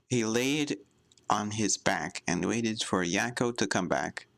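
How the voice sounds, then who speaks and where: Slow, low-voiced man reading aloud. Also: vocal fry, a bit bright, no room sound. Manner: plain, unhurried storybook reading. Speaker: fanfic reader. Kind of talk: reading fan fiction aloud.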